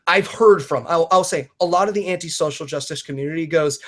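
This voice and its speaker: A man's voice: a little high, animated, brisk, a bit bright, breathy edge. A man, a podcaster and comedian, talking earnestly and emphatically in a casual video-call conversation, swearing freely and often restarting his sentences.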